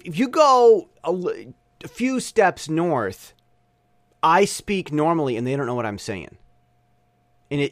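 An American man, a language learner living abroad, gives a casual monologue that rambles and is full of opinions, constantly correcting himself and restarting. His voice is on the high side and a bit bright, with no room sound.

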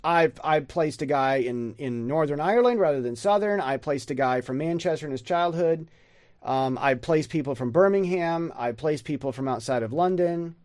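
A man giving a casual pronunciation lesson, rambling and sounding out words slowly. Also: on the high side, darkish tone, dry recording, studio quality. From United States. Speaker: pronunciation teacher.

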